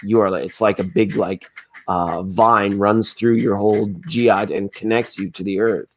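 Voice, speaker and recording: A man with a hoarse voice hosting a laid-back late-night tarot livestream, chatting with viewers in a rambling, spiritual way. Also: on the low side, fairly even intonation, moderate pace. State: hoarse from screaming at a football game. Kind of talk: casual late-night chat reading viewer comments.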